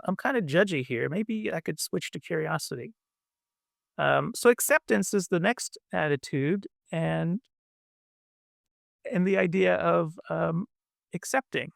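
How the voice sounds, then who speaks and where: A man teaching meditation, speaking gently and haltingly with many pauses and fillers. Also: a little high, vocal fry, dry recording, studio quality. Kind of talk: dharma talk.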